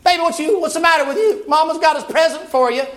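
A man's voice: very high-pitched, fast talker, a bit bright, voice pushed up. A man preacher voicing a doting queen who babies her sulking husband in a cooing, motherly way. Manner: cooing, babying. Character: doting queen Jezebel, coddling motherly woman.

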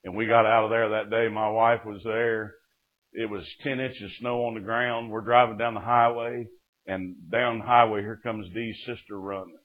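A man preaching a testimony sermon, telling his story in a folksy way with sudden jumps in loudness. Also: fairly low pitch, little pitch movement, moderate pace. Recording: dull lo-fi recording.

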